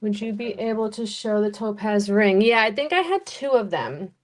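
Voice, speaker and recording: A woman with an American accent running a live-stream jewelry auction, chatty and unhurried as she calls bids and describes each piece. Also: medium pitch, animated.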